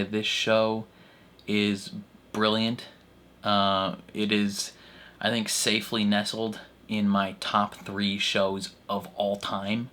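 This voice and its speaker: Brief: young male reaction host, a bit low-pitched, rambly, laughs a lot. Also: flat delivery, slow pace, a bit bright. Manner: rambling, laughs often, many fillers. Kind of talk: casual excited commentary.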